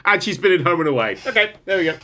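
A man co-hosting a casual podcast chat. His voice sits high and swings widely. He is animated and sweary, and he laughs often. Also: racing. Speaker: podcast co-host.

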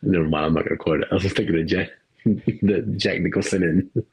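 A man's voice: low-pitched, steady tone, brisk, a little mellow, husky, poor audio. A man co-hosting a podcast in casual chat, rambling, trailing off mid-thought and laughing often. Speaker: podcast co-host.

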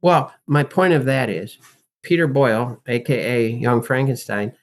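A man's voice: medium pitch, unhurried. A man talking as a guest in an interview, an acting and life coach who speaks emphatically and animatedly and teaches through rhetorical questions. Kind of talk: casual interview talk.

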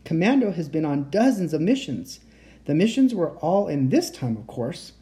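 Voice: mid-range voice, big pitch swings, normal speed, warm tone, lightly acted. A reader voicing a polite teenage boy enchanter who speaks in formal, old-fashioned phrasing. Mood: earnest.

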